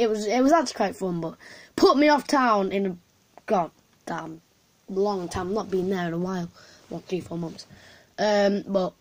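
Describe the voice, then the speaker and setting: A woman, casually telling a story to camera in a rambling way with lots of fillers and restarts. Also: mid-range voice.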